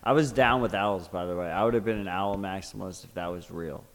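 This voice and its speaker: Man, podcast co-host, lowish voice, jokey and loose, casual chat, reverby room. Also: quick pace. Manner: joking, loose, filler-heavy.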